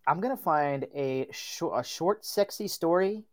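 A man's voice: on the high side, expressive, unhurried, no echo, clean studio sound. A man co-hosting a casual chat show, tossing out jokey, playful asides. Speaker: co-host.

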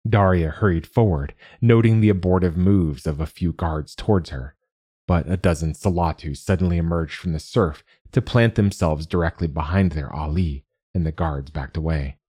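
A man narrating a story as an audiobook reader, in a measured, even storytelling manner. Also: deep voice, breathy edge, dry recording, studio quality. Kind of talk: scripted narration.

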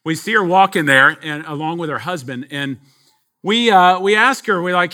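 A man's voice: on the high side, moderate pace, bright, forceful tone. A man from Texas, a pastor, telling a story in a sermon, chatty with many fillers.

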